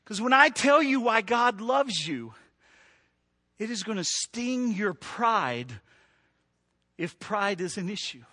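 High bright-voiced man preaching. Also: slow pace, pauses often. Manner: animated preaching, builds to emphatic peaks then drops soft. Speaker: pastor. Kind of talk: sermon.

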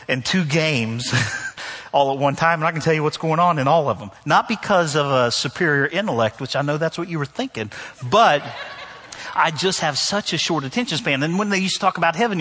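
A male pastor from the northern United States delivers a sermon with a slightly raised, husky voice. He keeps it conversational and wry, repeating key lines for emphasis. The sound carries a long reverb tail from a large church hall. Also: on the high side, sharp tone. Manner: conversational preaching with humor and emphatic repetition. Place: church sanctuary.

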